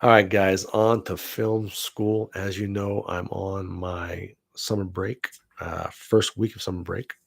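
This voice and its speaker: Brief: forties male vlog host, gravelly low voice, relaxed enthusiastic chat, salty language. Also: takes it slowly, few pauses, dry recording. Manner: loose and enthusiastic, swears freely. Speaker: vlog host, film student. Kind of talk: casual rambling chat.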